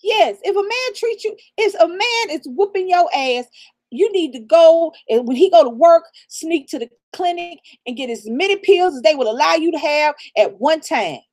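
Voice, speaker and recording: A woman's voice: extremely high pitch, lively intonation, normal speed, a little mellow. A middle-aged woman raised in the American South, co-hosting a casual live stream and giving blunt, profane advice with laughter. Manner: blunt, profane, preachy real talk with laughter. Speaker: channel co-host.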